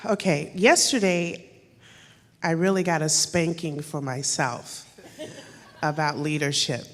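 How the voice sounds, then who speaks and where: A woman's voice: low-pitched, animated, slow pace, pauses often. A woman attendee sharing a personal reflection from the audience, earnest and thoughtful. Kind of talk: audience testimony. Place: large conference hall. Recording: long hall reverb.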